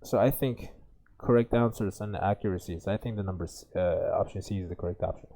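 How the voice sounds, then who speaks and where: A man's voice: low voice, brisk, warm tone. A man with an Uzbek accent teaching an exam reading lesson, thinking aloud with many fillers and restarts. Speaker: IELTS tutor.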